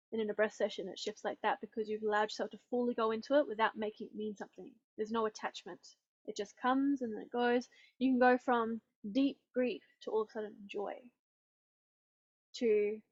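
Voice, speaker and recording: A woman coaching on self-love in a personal, animated way, acting out her own past thoughts as she talks. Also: a little high, slightly rough, dull audio. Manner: animated, acts out quoted thoughts. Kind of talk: personal teaching talk.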